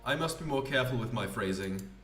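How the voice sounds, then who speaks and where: A man's voice: mid-range voice, expressive, fast, a bit bright, distant mic, soft background music. Man in an echoey room commentating a game. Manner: offhand, hesitant asides. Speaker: let's play host. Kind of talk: casual gameplay commentary.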